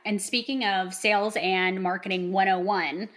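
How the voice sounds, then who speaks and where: A woman hosting a podcast interview, encouraging her guest with brisk follow-up questions. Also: mid-range voice, steady tone, fairly bright tone. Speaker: podcast host. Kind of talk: conversational interview.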